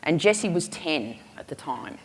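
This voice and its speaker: A woman speaks from the stage in a low, grounded voice. Her delivery is punchy and humorous, leaning on emphatic rhetorical questions. The sound carries a long reverb from a large hall. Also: sing-song, normal speed, breathy edge. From Australia. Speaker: keynote speaker. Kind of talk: storytelling keynote speech.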